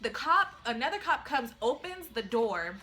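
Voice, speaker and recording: A woman in her twenties telling a story to her vlog viewers in a casual, animated and emphatic way. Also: fairly high pitch, normal speed, background noise. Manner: animated, emphatic retelling with exclamations. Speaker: vlogger.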